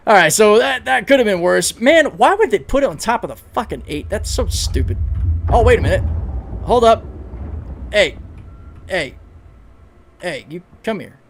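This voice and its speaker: Excitable, swearing male game streamer. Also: high-pitched, normal speed, vocal fry, pauses often, a little hiss or hum. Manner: excitable, swears freely, talks to chat. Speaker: gaming livestreamer. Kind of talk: casual gameplay commentary.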